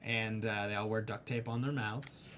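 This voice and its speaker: A male host in casual chat about a TV episode, rambling with many fillers and lively retellings. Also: lowish voice, normal speed, slight background noise. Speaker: show host. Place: studio.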